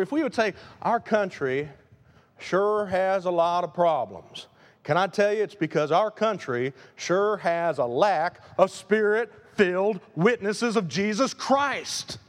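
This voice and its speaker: A man preaching a sermon as pastor, animated, swinging between loud emphasis and quiet asides. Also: sits high. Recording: long hall reverb.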